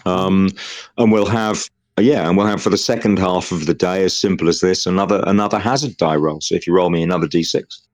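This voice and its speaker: A man narrating a tabletop game as game master, measured and peppered with ums. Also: sits low.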